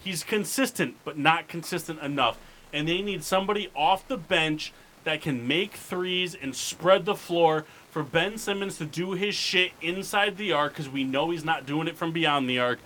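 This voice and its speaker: A man co-hosting a live sports podcast, talking loud and crude in rowdy banter. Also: a little high, normal speed, a little hiss or hum, poor audio. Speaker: podcast co-host.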